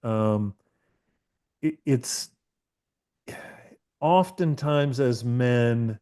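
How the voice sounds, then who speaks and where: A man's voice: mid-range voice, drawn-out words, warm tone, clean tone. Candid, profane middle-aged male therapist. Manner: profane, candid, rambling with restarts. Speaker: therapist guest. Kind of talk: casual podcast storytelling.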